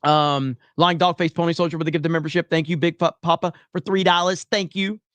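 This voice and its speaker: A man's voice: fairly high pitch, fairly even intonation, a little fast, fairly bright tone, no room sound. A man hosting a livestream, ranting bluntly and profanely between reading chat messages.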